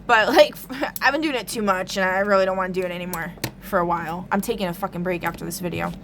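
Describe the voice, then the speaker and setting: A woman's voice: fairly low pitch, fast talker, background noise. Rambling, swearing woman, casual vlog. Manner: rambling, lots of "like", frequent swearing. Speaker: tarot reader recounting a dream.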